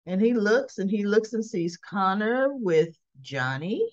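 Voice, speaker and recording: A woman's voice: medium pitch, sing-song, unhurried, highs cut off. A woman hosting a casual spoken recap of a soap opera episode. She rambles in a chatty way and fills her talk with "you know" and "um".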